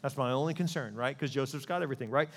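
A male pastor preaching a sermon in a lively way, often putting questions to his listeners. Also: medium pitch, racing, breathy edge, in a large hall. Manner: animated preaching, asks the crowd questions.

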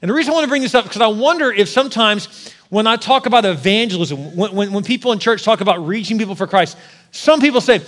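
A man in his forties preaching a sermon with personal stories, animated, joking with the congregation and rising to near shouts at his peaks. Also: very high voice, fast talker. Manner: jokes with the congregation. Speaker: pastor.

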